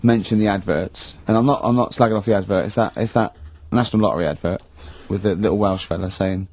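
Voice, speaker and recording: Male radio host, husky, dry close sound, exasperated ranting delivery. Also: lowish voice, steady tone, darkish tone, no echo. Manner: exasperated, quick to rant. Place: radio studio.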